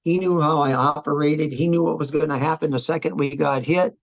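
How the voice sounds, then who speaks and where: Older veteran interviewee, gravelly, reflective, halting delivery, dull close recording. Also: male voice, on the high side, fairly even intonation, no room sound. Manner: halting, reflective, many restarts. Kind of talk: oral history interview.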